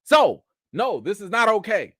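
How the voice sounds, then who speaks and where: A young man hosting a live chat show, animated commentary with mocking asides and rising near-shouts. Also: sits high, unhurried, no room sound, studio quality. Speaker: show host.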